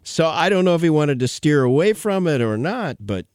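A man with a stuffy, hoarse voice from bronchitis, chatting on a radio show in a halting way with many fillers. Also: a little high, very animated, a little mellow, no echo, studio quality. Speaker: radio show regular guest. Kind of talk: casual radio chat.

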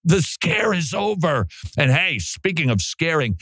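A male radio host riffing in a studio, his pitch leaping around as he jokes and laughs between points. The sound is close and dry, with no room around the voice. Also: unhurried, dry recording. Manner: animated, joking, laughs often. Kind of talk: casual talk-radio monologue. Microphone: studio mic.

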